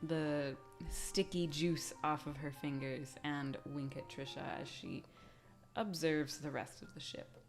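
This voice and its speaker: Low-voiced woman playing a tabletop game. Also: steady tone, a little slow, faint music behind. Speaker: player.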